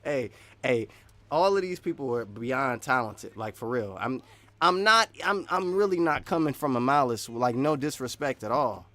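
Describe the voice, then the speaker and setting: A man hosting a show, talking casually about video game news in an excited, animated way, and he often breaks into loud bursts. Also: medium pitch, moderate pace, no room sound. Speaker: host.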